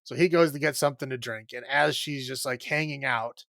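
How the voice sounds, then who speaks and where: A man's voice: medium pitch, steady tone, brisk, creaky, a bit bright, no echo, clean studio sound. A man hosting a podcast, recapping a film in a casual, rambling way full of fillers and frequent laughs. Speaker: podcast host.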